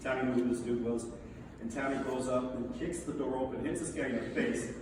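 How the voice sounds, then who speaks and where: A middle-aged man giving a speech to a gathering, telling stories about an old friend with animated delivery and bursts of laughter. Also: mid-range voice, a little fast. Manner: animated storytelling, laughing through the punchlines. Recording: echoey hall, distant mic, background noise.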